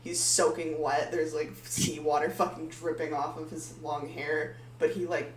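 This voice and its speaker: Here a woman with a low-sitting voice and flat delivery runs a tabletop game as its game master, keeping a measured pace. Her narration is hesitant and packed with filler like "um" and "like," recorded far from the mic in an echoey room with a faint hum.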